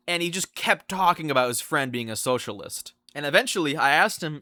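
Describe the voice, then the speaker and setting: A young man telling a storytime vlog in an animated, incredulous way, often restarting his sentences. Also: on the high side, fairly quick, few pauses, no echo. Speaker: vlogger.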